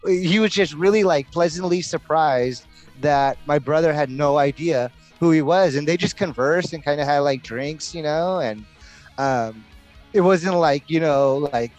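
A middle-aged man hosting a podcast, telling a story in a loose, rambling way, full of "like" and "you know". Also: a little high. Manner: laid-back, rambling, heavy use of "like" and "you know". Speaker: podcast host. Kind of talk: casual storytelling chat.

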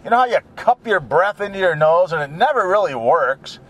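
Rambling high-voiced middle-aged man driving. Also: expressive, brisk, fairly bright tone. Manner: rambling, chatty, grumbles at other drivers. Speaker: vlogger. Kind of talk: casual chat while driving. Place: in a car.

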